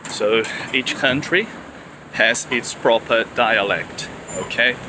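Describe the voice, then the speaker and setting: A young man from Brazil with a Brazilian Portuguese accent, talking to camera in a casual vlog, slow and deliberate, often rephrasing himself with fillers. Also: medium pitch, background noise. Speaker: vlogger. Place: room in Australia.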